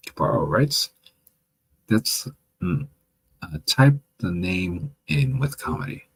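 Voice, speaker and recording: Gravelly low-voiced guy on a livestream, reading chat out loud, kinda wry, pitch bouncing all over. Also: rough recording. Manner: reads viewer comments aloud, chatty and wry.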